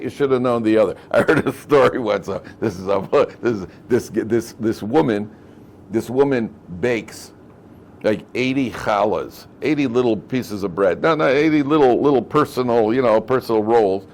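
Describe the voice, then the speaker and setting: A man's voice: medium pitch, slight background noise. A man, a rabbi, giving a Torah lecture to a live class, talking conversationally, repeating phrases and acting out quoted speech in his stories.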